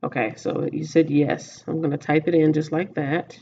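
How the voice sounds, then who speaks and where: A woman's voice: low voice, fairly even intonation, moderate pace, hardly any pauses, mellow, slight background noise. Rambling Texan woman livestreaming, dull audio. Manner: chatty, rambling, thinks aloud. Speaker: livestreaming vlogger. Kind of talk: casual livestream chat with viewers.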